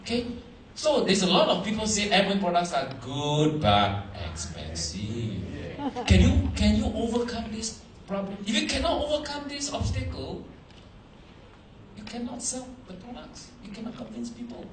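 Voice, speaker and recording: Guy giving a pumped-up seminar talk, questions the crowd a lot, kinda high voice, echoey hall. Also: moderate pace, far from the mic. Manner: animated, asks the audience questions, broken English phrasing. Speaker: motivational speaker at a business seminar. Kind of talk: lively seminar talk to a live audience.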